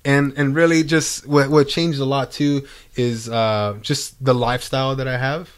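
A young man co-hosting a faith podcast, talking in a relaxed, slangy way with many restarts. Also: mid-range voice, moderate pace. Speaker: podcast co-host. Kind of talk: casual chat.

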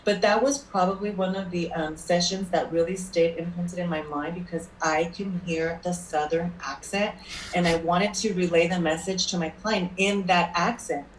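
A woman's voice: on the low side, fairly even intonation, moderate pace, slight background noise. Chatty woman medium, distant roomy mic. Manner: chatty anecdotal storyteller, checks in with "okay?". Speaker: spirit medium. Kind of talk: casual interview storytelling.

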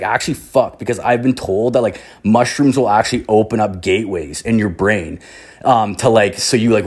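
A young man telling a long casual story, swearing constantly and filling his speech with "like.". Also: lowish voice. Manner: profane, rambling, heavy use of filler "like".

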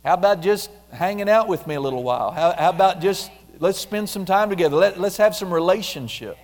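A man preaching a conversational sermon, repeating phrases and dropping into a soft, quiet voice when he prays aloud. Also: sits high, brisk. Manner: conversational, repetitive, drops softly into prayer voice.

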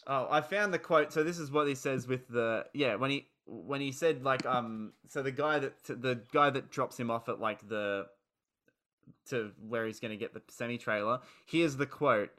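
A man's voice: medium pitch, moderate pace, sharp tone. A man hosting a casual film podcast, talking enthusiastically and rambling. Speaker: podcast host.

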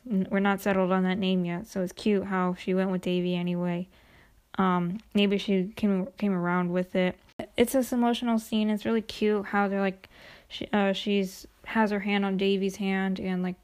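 This show recapper is a young woman whose mid-range voice has a darkish, clean tone. She runs through a TV episode casually, gushing and chatting with constant "like"s.

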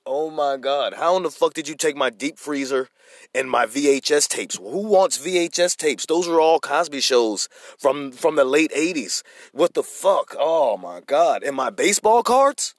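A man's voice: a little high, animated, normal speed, no room sound. A furious, groggy man, played by a comedian, rants and swears into a voicemail after waking up robbed. His voice sounds dry and close, with no room around it. It plays as a comedy sketch. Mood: enraged. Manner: cursing, ranting voicemail.

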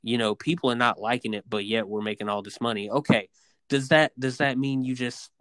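A man co-hosting a podcast, making his points in an animated, emphatic way and often repeating his opening words. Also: mid-range voice, brisk, dry recording. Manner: animated, emphatic, repeats himself when starting. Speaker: podcast co-host. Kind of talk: casual debate chat.

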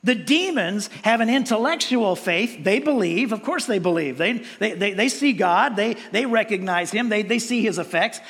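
A man's voice: sits high, lively intonation, normal speed, few pauses, fairly bright tone, in a large hall. A male pastor preaching a sermon in a conversational way, with frequent restarts and playful mimicked voices.

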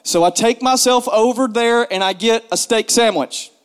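High-voiced man telling a comic story. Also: normal speed, smooth. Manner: animated, repeats for emphasis, self-mocking. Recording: long hall reverb.

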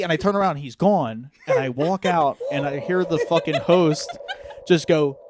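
A young adult man co-hosting a podcast tells a rambling, profane story and laughs through it in casual storytelling chat. His voice is high-pitched and brisk.

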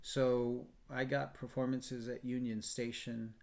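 A man with a mid-range voice tells a story in a relaxed podcast conversation. He is animated and quotes other people in lively voices. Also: mid-range voice, takes it slowly, creaky. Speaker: choir founder and guest. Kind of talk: storytelling in a casual podcast chat.

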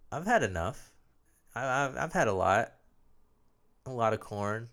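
Sick with a sore throat, a young man hosts a solo podcast in a nasal, phlegmy voice, rambling loosely, mocking himself and swearing plenty. His medium-pitched voice is expressive and fairly bright, a little slow, with long pauses.

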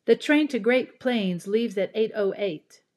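A woman voicing a polite, patient train station conductor in an English lesson dialogue, emphatic and clearly spoken. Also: medium pitch, unhurried, darkish tone, pitched above the performer's own voice, natural voice.

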